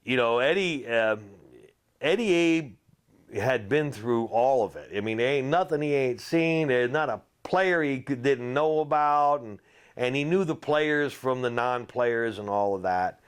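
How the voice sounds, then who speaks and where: A man and former football player telling salty, animated anecdotes in a casual interview, full of fillers. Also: medium pitch, a little slow, clear, resonant tone. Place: outdoors at a golf tournament.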